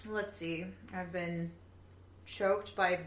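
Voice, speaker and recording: A woman telling her own stories in an animated way, swearing now and then, in a casual group chat. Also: on the low side, drawn-out words. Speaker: guest. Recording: echoey room, faint background noise.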